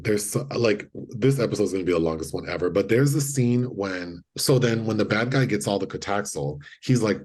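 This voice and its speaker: A man with a husky, lowish voice recaps a movie for his co-host. He talks casually and animatedly, acting out the characters' lines as he goes. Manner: animated storyteller, acts out quotes. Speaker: podcast co-host. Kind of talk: casual chat, retelling a film.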